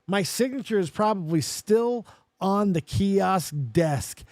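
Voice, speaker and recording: A high-pitched young man hosting a live show. He tells stories animatedly and profanely, and he gets himself worked up as he talks. The sound is dry and close, with no room echo at all. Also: slow pace. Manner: animated, profane, getting worked up while telling the story. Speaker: show host. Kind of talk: storytelling and reacting on a live show.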